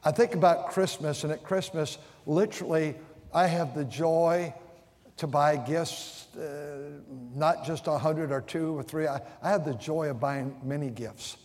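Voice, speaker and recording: A man's voice: on the high side, fairly even intonation, a little slow, darkish tone. Storytelling preacher man in echoing church. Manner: storytelling with vivid acted-out quotes; frequent restarts and repeated words. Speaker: pastor. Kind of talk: sermon. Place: church sanctuary. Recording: long church hall reverb.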